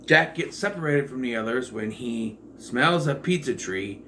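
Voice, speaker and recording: A man giving a casual, rambling movie review, full of fillers and the occasional swear, jumping between loud excitement and quiet asides. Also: mid-range voice, unhurried, a little hiss or hum. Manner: rambling and digressive, with profanity and many fillers.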